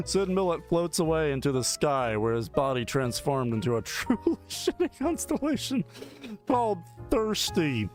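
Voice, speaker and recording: A man's voice: a little high, very animated, normal speed, soft background music. A male streamer playfully reading a text adventure game aloud, often laughing.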